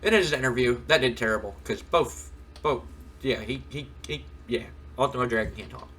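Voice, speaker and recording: A man's voice: mid-range voice, fairly quick, pushed and bright, a little hiss or hum. A man casually narrating a wrestling management game, rambling with lots of fillers. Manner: rambling, filler-heavy recap. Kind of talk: casual let's-play narration.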